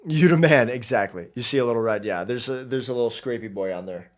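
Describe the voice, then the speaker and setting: A man's voice: medium pitch, fast. A man giving casual, rambling commentary while streaming a game, chatty and self-interrupting, into a desk mic.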